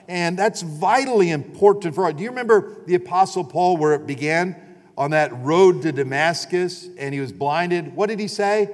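Emphatic preacher in an echoing church hall. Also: male voice, sits high, normal speed. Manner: emphatic, repeats phrases and calls on the congregation. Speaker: pastor. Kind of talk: sermon. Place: church sanctuary. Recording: long reverb of a church hall.

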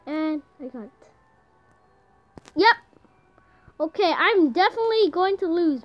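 A young woman giving casual gameplay commentary, excitable, shouting and swearing at the game. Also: very high-pitched, slow, long pauses, dull audio, soft background music. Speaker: gamer.

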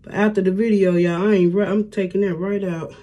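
A woman's voice: medium pitch, steady tone, brisk, warm tone, dull audio. Chatty middle-aged woman vlogging at home. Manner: chatty, addresses viewers as y'all, Southern US speech. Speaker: hair vlogger. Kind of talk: casual vlog chat.

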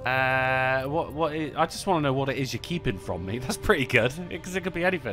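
A man streaming a video game, chatting with viewers, excitable and swearing, yelling when things go wrong. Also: mid-range voice, quick pace, soft background music. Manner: excitable, sweary, yells in panic. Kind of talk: live game commentary.

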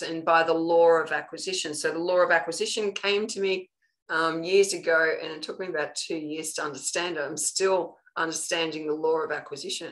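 A woman with an Australian accent giving a live online spiritual lesson. She coaches earnestly and keeps checking in with her listeners with a quick "okay". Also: low voice, fairly bright tone, rough recording. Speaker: spiritual teacher.

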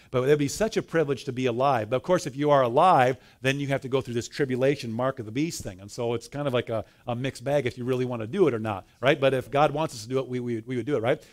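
A man preaching a sermon at a church conference, telling stories and asking the congregation to call out answers. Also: medium pitch. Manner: animated storyteller, asks the crowd questions. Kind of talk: sermon with audience call-and-response.

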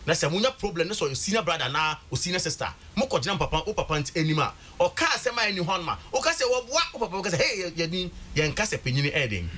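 A man's voice: high-pitched, animated, racing, hardly any pauses, sharp tone, slight background noise. A Ghanaian man talking politics on a studio panel, emphatic and repeating words for stress. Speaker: political commentator.

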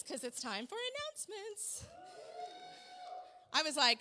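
A woman on the church staff giving announcements and leading a prayer, bubbly and quick to laugh, recorded in a church sanctuary. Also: sits high, big pitch swings. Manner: warm and bubbly, laughs often. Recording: long reverb of a church hall.

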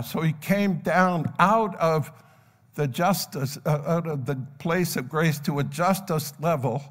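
A man's voice: a little high, measured pace. An older man preaching a sermon, telling a parable and acting out its characters' voices. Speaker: pastor. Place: church sanctuary. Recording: long church hall reverb. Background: live congregation.

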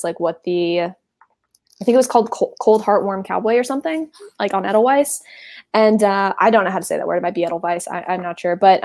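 Chatty Texan woman with a creaky voice. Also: mid-range voice, darkish tone. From Texas. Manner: chatty, rambling, self-deprecating. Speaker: book club livestream host. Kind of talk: casual livestream chat. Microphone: video call.

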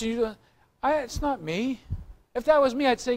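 A male pastor preaches in a high voice, loose and chatty, cracking jokes and teasing his congregation between points. He speaks to a live church crowd. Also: expressive, a little fast. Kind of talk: sermon. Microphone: recorded on tape in the room.

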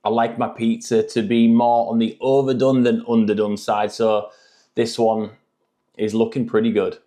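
A man's voice: mid-range voice, level tone, moderate pace, warm tone. A man reviewing frozen food in a jokey, chatty vlog.

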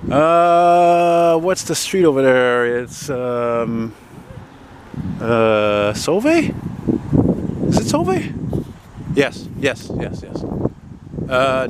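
A man, chatting casually as he walks outdoors along a city street, rambling and swearing now and then. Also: medium pitch. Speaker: vlogger. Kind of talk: casual walking commentary. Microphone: handheld camera while walking. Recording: noisy outdoor street recording. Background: passing traffic.

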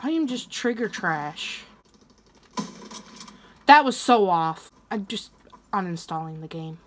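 A young woman hosting a gaming channel, commenting on her own online match and quick to rage, swearing and yelling at other players. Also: mid-range voice, expressive, a little hiss or hum. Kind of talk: live gameplay commentary.

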